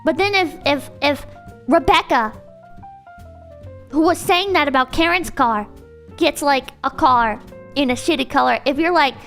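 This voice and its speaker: A woman's voice: sits high, animated, measured pace, long pauses, fairly bright tone, faint music behind. A young woman streamer chatting casually and ranting, swearing and mock-quoting people. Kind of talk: casual livestream chat.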